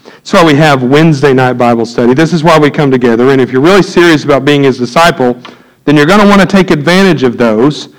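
A man, preaching a sermon in a church, swinging from loud emphatic peaks to low quiet asides. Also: fast, rough recording. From United States. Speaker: pastor. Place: church sanctuary.

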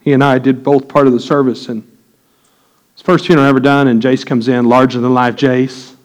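A man's voice: medium pitch, level tone, brisk, poor audio. A middle-aged man preaching a sermon, telling a candid personal story that builds to impassioned preaching. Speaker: pastor.

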